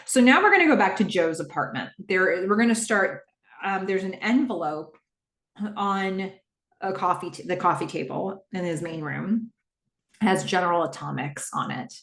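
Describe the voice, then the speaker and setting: A woman hosting a podcast, recapping a TV episode in a casual, animated way and quickly acting out the characters' lines. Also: fairly low pitch, echoey room. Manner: animated retelling with quick quoted voices of characters.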